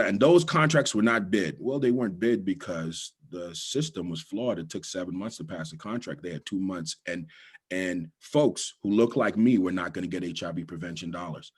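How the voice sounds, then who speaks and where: A man's voice: sits low, normal speed, breathy edge. A middle-aged man from the Bahamas with a Bahamian accent, giving a motivational storytelling talk as guest speaker and repeating key lines for emphasis.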